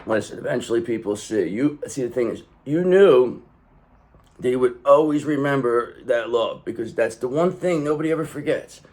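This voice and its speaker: A man reads tarot in a loose, streetwise way, leaning on swearing and repeated words for emphasis. His voice sits in a middling range. He jumps between loud bursts and low, muttered asides. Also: lively intonation, normal speed. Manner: emphatic and profane, streetwise talk. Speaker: tarot reader. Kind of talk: casual spoken tarot reading.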